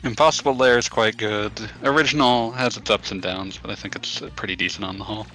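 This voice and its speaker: Man, gaming commentary, dry jokes, low pitch, very bright tone. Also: steady tone, fast, soft background music, poor audio.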